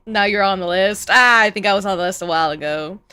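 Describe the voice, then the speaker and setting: A woman's voice: mid-range voice, fast talker, clean tone, dry recording. A woman streamer giving joking, rambling reaction commentary on a video, close to a streaming mic. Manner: joking, animated, rambling asides. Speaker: VTuber streamer.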